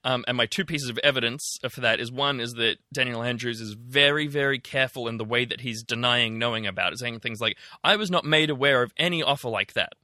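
A man co-hosts a podcast, mid-pitched and very bright in tone. He talks through the news casually, with hesitant ums and a dry sarcastic edge. The recording is dry and close. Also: brisk, hardly any pauses, dry recording. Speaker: podcast co-host.

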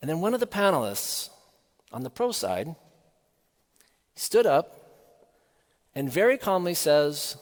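Earnest preacher with a high voice. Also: male voice, sing-song, in a large hall. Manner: measured, earnest delivery with rhetorical questions. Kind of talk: sermon.

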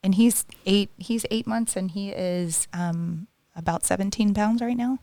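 A woman's voice: medium pitch, unhurried, dry recording. A woman co-hosting a casual chat, telling stories animatedly and acting out what others said. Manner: chatty, animated storyteller who acts out quotes.

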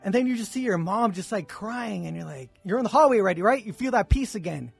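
Husky high-voiced man telling a parable. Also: animated, quick pace, soft background music. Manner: storytelling, acts out dialogue, repeats "right?". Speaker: podcast co-host. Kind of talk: casual chat, telling a parable.

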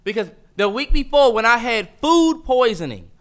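Man, young adult, podcast co-host, high voice, bright tone, heated banter, swearing. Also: normal speed. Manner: animated, swearing, mocking impressions of his brother.

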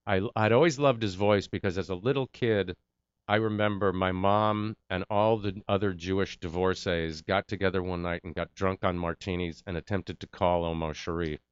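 A man's voice: low voice, steady tone, normal speed, clean tone, dry recording, dull audio. A middle-aged man telling a casual story about his acting career, acting out the voices of the people he quotes.

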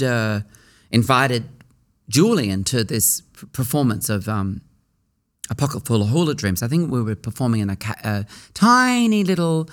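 A middle-aged Australian theatre actor with a mid-range voice recalls his early career in a reflective interview. He muses aloud, with restarts and pauses.

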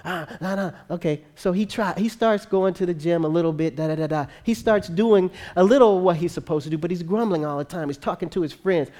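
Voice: mid-range voice, brisk, few pauses. A preacher telling a story in a conversational sermon, often checking in with listeners by asking them to agree. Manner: conversational, animated, frequent tag questions.

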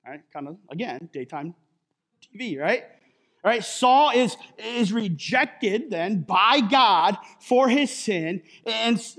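Man, pastor, sermon, very high voice, slow delivery, conversational, keeps saying "right?". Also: a bit bright. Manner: jokey asides.

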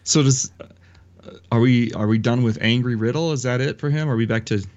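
A man's voice: mid-range voice, normal speed, a little mellow, highs cut off. A man co-hosting a podcast, chiming in with brief, dry remarks in casual wrestling chat. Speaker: podcast co-host.

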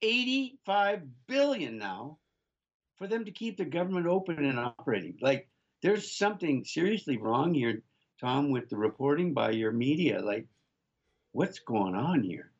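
A man's voice: on the high side, sing-song, normal speed. Older man, talk radio co-host, emphatic, frequent restarts, remote feed, muffled lo-fi sound. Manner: emphatic, restarts often, addresses listeners as folks. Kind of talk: political talk radio commentary. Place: remote location, off-site from studio.

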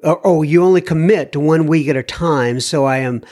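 A man's voice: on the high side, moderate pace. A man hosting a podcast, reading a listener's email aloud with amused laughs and heartfelt thanks. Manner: warm, amused, laughs often, lifts his voice to read quotes. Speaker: podcast host.

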